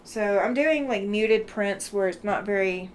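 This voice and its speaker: A woman hosting a relaxed quilting live stream, chatting with viewers and thinking aloud with lots of ums and likes. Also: medium pitch, measured pace, a little hiss or hum. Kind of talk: casual live-stream chat, reading viewer comments.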